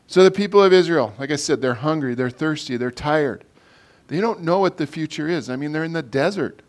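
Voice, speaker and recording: Man, preacher, casual sermon, slightly high-pitched, conversational, frequent restarts. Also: animated, moderate pace. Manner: conversational, many fillers and restarts.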